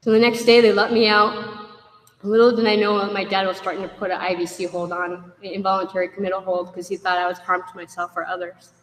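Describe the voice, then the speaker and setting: In an echoey hall, a woman shares her recovery story with a group, candidly wry about her past and acting out others' voices along the way. She speaks fast in a medium-pitched, level voice.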